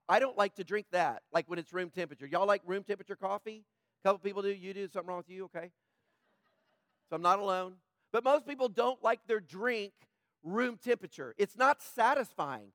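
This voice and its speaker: High-voiced pastor, slightly rough. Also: male voice, a bit bright, dry recording, studio quality. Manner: conversational, joking asides to the congregation. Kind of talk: sermon.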